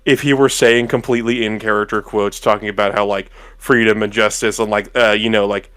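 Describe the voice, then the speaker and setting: A man's voice: lowish voice, little pitch movement, a little fast, fairly bright tone, clear, resonant tone. Rambling man in casual chat. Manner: rambling, heavy use of filler words. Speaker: co-host.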